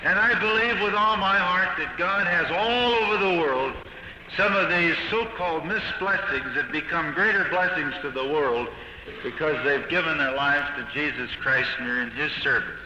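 A man giving his own testimony as a sermon, telling it earnestly with halting restarts, recorded on an old archival tape in a reverberant hall. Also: a little high, lo-fi sound, noisy background. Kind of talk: sermon-style personal testimony.

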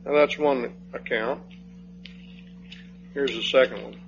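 A man preaching an expository sermon, slow and emphatic, rising on key phrases and dropping low when he reads scripture. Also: steady tone. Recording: dull lo-fi sound with faint hum.

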